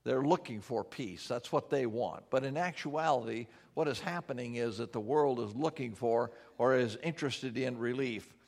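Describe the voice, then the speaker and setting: A man preaching a sermon as pastor, earnest, slowing down for emphasis and dropping soft and low when he prays. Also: vocal fry.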